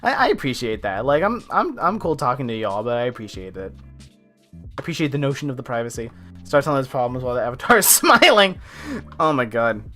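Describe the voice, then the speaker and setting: A man's voice: mid-range voice, big pitch swings, quick pace, bright, forceful tone. Rambling young streamer guy. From United States. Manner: chatty, rambling, many fillers, laughs often. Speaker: art streamer. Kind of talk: casual live-stream chat. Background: faint lo-fi music.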